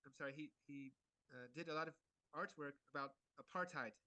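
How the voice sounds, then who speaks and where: A man giving an art lecture in short phrases, pausing for an interpreter and filling gaps with many hesitations. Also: a little high, pushed and bright. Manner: halting, many fillers and restarts.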